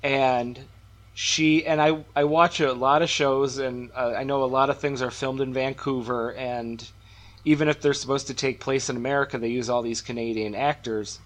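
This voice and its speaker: A man hosting a casual podcast conversation at a middle pitch. He rambles through his stories in a loose, chatty way, often backing up to restart a thought. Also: fairly even intonation, normal speed, fairly bright tone. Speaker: podcast host.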